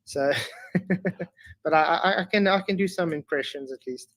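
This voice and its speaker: A South African man whose first language is Afrikaans, a guest in a casual interview, speaking haltingly with many restarts and fillers. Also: fairly high pitch, a bit bright.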